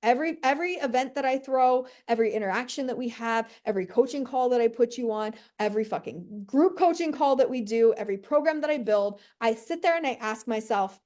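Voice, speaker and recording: A woman with a slightly high voice delivers a brash, high-energy coaching monologue. She swears freely and keeps checking in with her listeners with "right?" and "okay?". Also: lively intonation, fairly quick, few pauses, darkish tone. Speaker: business coach. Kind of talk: motivational monologue.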